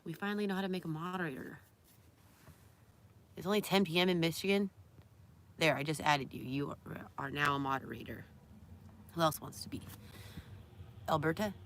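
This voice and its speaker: A woman's voice: deep voice, steady tone, normal speed, long pauses, a bit bright. A young woman chatting casually on a live stream, reading viewer comments aloud and cooing baby talk at her dog.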